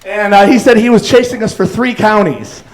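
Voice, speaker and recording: Here a male stand-up comic performs in a club, his high voice moving at a moderate pace on a rough-sounding recording. He rambles through stories, stuffing them with fillers and playing out quoted lines.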